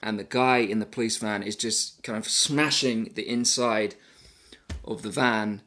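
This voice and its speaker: A man's voice: on the low side, fairly even intonation, measured pace, a bit bright. A man telling a travel story casually to camera. He rambles and pokes fun at himself, with lots of fillers. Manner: rambling, self-deprecating, many fillers. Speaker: travel vlogger.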